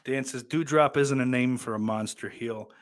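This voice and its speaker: A young man talking into a close desk mic during a live stream, blunt and profane. He rambles, restarts his sentences and laughs at his own jokes, at an ordinary middle pitch. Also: moderate pace, no echo. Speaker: streamer reading chat. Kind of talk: casual profane live-stream chat about wrestling.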